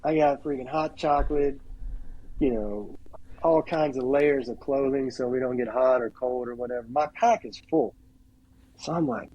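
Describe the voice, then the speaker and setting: A middle-aged man on a podcast tells a hunting story in a casual, animated way, acting out what each person said. His voice is mellow and dark, with a husky edge. He keeps filling his sentences with "like" as he goes. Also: medium pitch, moderate pace, highs cut off. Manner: animated storyteller, acts out quotes, heavy use of "like". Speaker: podcast guest.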